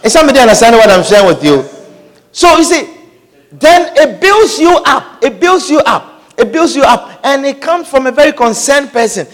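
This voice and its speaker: A man's voice: very high-pitched, big pitch swings, moderate pace, in a large hall. A male preacher delivering a sermon, emphatic, repeating his lines and asking the congregation whether they follow.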